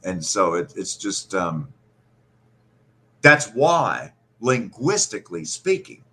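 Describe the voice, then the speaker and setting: A man's voice: lowish voice, sing-song, takes it slowly, pushed and bright. A man from central Kentucky, hosting a casual podcast chat and rambling animatedly through stories and imitated regional words. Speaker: podcast host.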